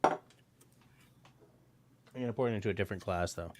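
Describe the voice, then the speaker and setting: A man's voice: lowish voice, a little fast, very noisy. A man hosting a livestream, chatting casually and rambling a little while he tastes whiskey. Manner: chatty, rambling, self-deprecating. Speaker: livestream host.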